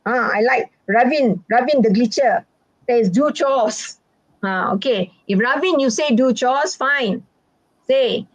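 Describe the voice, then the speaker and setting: A woman's voice: on the high side, unhurried, no room sound. A woman, teaching a live online exam-prep lesson in a chatty, reassuring way and acting out sample answers. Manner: chatty and reassuring, reads out student questions, acts out sample answers. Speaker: English teacher. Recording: dull, dry, lo-fi recording.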